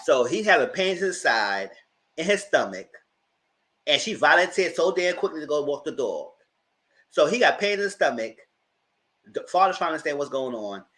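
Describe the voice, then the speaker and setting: A man's voice: a little high, very animated, normal speed, pauses often, fairly bright tone. A man hosting a live TV recap, telling the episode's story dramatically with slang asides and heated commentary. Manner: colorful and heated, swears in his commentary. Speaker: TV reviewer and channel host.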